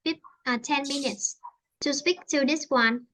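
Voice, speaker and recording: A woman from Vietnam with a Vietnamese accent, teaching an online English lesson in a halting way, often repeating and rephrasing herself. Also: sits high, a bit bright.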